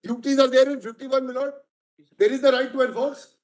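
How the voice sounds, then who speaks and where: A man's voice: extremely high pitch, steady tone, a little fast, darkish tone. A man with an Indian English accent arguing a case before judges in court, emphatic and persistently addressing the bench as my lord. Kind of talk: courtroom legal argument. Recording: echoey courtroom.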